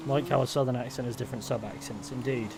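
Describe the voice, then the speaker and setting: A man's voice: medium pitch, fairly even intonation, fast, creaky. English male streamer, chatty and dry, casual play-along commentary over noisy game audio. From England. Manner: chatty, rambling, dry asides. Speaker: gaming streamer. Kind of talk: casual live gameplay commentary. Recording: noisy game sounds behind.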